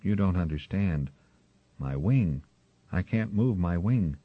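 A man voicing a weak, injured young male gull who pleads quietly for help, on a slightly muffled recording. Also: low-pitched, lively intonation, takes it slowly, dry recording, full character voice. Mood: faint pleading. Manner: quiet, faltering, then crying out.

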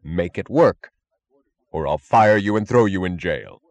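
A man's voice: low-pitched, lively intonation, unhurried, no room sound. A man voicing an impatient, bullying official who snaps and barks orders. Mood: demanding. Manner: snapping, barking orders. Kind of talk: audiobook character voice.

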